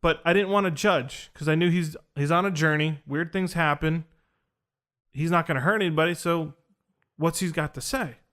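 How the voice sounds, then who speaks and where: A man's voice: fairly high pitch, moderate pace. A man telling a personal story in casual conversation, acting out the dialogue he quotes. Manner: animated, acts out quoted dialogue. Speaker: podcast host recounting an experience.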